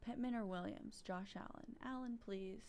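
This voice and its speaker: A woman in a casual livestream chat. Her voice sits at an ordinary middle pitch. She talks in a playful, easygoing way, laughing and joking between her turns. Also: moderate pace, a little mellow, a little hiss or hum. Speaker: guest co-host.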